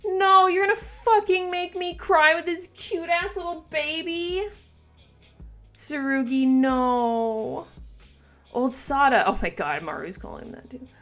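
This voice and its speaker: A woman hosting a manga reaction video, excitable and gushing, swearing freely as she reads along and reacts. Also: very high-pitched, normal speed, hardly any pauses, faint music behind. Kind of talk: reaction vlog.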